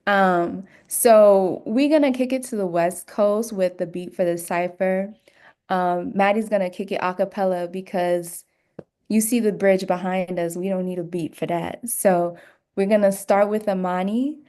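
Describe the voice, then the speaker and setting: A woman's voice: medium pitch, fairly even intonation, a little slow, warm tone. A woman hosting a livestream on a video call, introducing performers in a casual way with many fillers. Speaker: event host.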